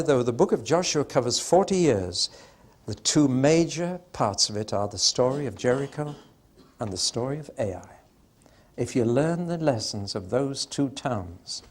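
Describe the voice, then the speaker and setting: A man giving a Bible teaching talk to an audience, emphatic and conversational with dry humor, swelling suddenly on stressed words and drawing them out. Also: medium pitch.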